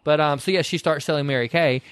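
A man's voice: on the high side, quick pace, smooth, no room sound. A man, co-hosting a podcast and recapping a movie in a casual, storytelling way. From Southern US. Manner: animated storyteller who slips into quoted voices. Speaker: podcast co-host.

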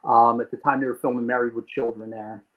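A man from New Jersey, a podcast guest, telling a story in a lively way, swearing and acting out scenes. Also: medium pitch, fast, narrow, tinny audio. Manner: animated, swearing, acts out scenes. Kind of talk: profane comic storytelling.

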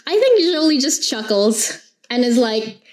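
A woman's voice: a little high, big pitch swings, a little slow, darkish tone. A woman playing a tabletop game, talking casually with fillers and laughter. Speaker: player. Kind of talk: tabletop role-play chat.

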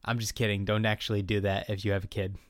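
A man's voice: on the low side, flat delivery, fast talker, dry recording, studio quality. A man co-hosting a casual comedy podcast, recapping an episode in a joking, laid-back way.

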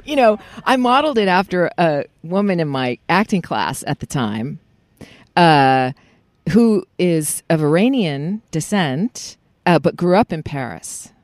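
A woman voice actress chatting casually in an interview, animated and full of fillers and restarts. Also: fairly low pitch, a little slow, no room sound. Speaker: voice actress guest. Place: parking lot.

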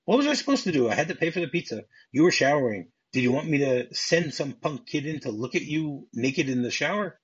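Man reading pushy nosy traveler, husky voice, mildly indignant, dull muffled audio. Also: on the high side, big pitch swings, a little fast, few pauses, heavily acted. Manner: read aloud from a script with mild indignation.

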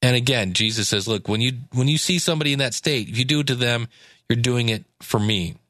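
A man's voice: mid-range voice, brisk, fairly bright tone, no room sound. Man reading scripture in a dry close sound. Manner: reads scripture aloud with asides and fillers. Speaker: Bible teacher. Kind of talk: casual Bible study talk.

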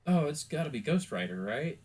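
Brief: chatty man co-hosting a podcast, laughs a lot, lively pitch. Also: brisk, breathy edge. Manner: laughs easily, rambling and chatty. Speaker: podcast co-host. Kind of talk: casual podcast chat.

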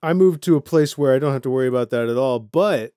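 A man's voice: medium pitch, quick pace, mellow, clean tone, no echo. A man co-hosting a podcast in casual chat, with dry, joking asides. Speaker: podcast co-host.

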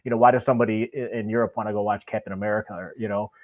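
A man's voice: lowish voice, fairly even intonation, very fast, slight background noise. A man co-hosting a casual podcast chat, talking in a rambling, enthusiastic way with many fillers. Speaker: podcast co-host. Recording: tinny phone-like line.

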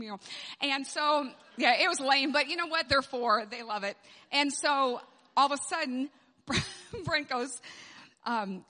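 A woman with a bright, fairly high voice tells stories in an animated sermon and laughs often. She speaks into a stage microphone. A long reverb rings around her in the large hall. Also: moderate pace. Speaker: speaker at a moms' gathering. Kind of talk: storytelling sermon.

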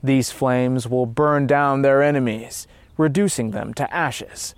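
A man voicing a solemn heavenly guide who explains visions in a measured way. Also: mid-range voice, smooth, dry recording.

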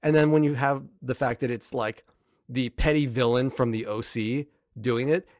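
A man's voice: mid-range voice, steady tone, normal speed, a little mellow, no echo, clean studio sound. A man in his thirties co-hosting a podcast, talking casually and ranting emphatically about a show. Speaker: podcast co-host. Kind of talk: casual chat.

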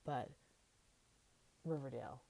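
A woman's voice: a bass voice, slow pace, gravelly, dark tone. A woman hosting a solo TV recap podcast, chatty and slangy, laughing often and sometimes dropping to a whisper. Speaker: podcast host.

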